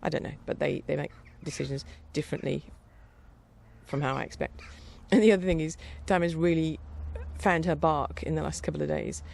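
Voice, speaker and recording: Brisk and gravelly yet a little mellow, this middle-aged woman's low voice carries a casual podcast ramble. She chats and meanders, often restarting and laughing.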